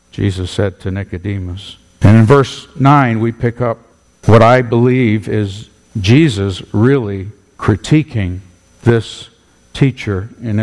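A male pastor preaching a sermon with emphatic, animated delivery in a church. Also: fairly low pitch. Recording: long hall reverb.

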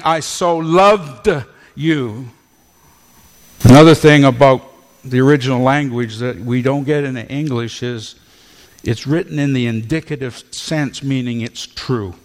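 A man preaching a sermon to a congregation, slow and emphatic, repeating words and drawing out key phrases. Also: mid-range voice. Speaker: pastor. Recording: long church hall reverb.

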